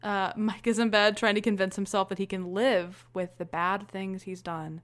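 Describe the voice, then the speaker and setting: Excitable swearing woman podcast co-host. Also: mid-range voice, moderate pace. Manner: excitable, swearing, laughing often. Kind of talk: casual chat.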